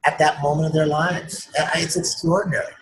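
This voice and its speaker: A man's voice: fairly high pitch, level tone, brisk, a bit bright, poor audio. A man being interviewed as an author, telling stories with enthusiasm and acting out other people's lines as he goes. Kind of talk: animated storytelling in a casual interview. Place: remote interview streamed live online.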